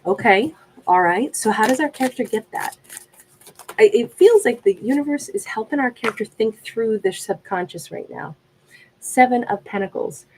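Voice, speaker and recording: A woman giving a gentle, reflective tarot reading in a conversational way. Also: a little high, big pitch swings, moderate pace, slight background noise, low-quality recording. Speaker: tarot reader.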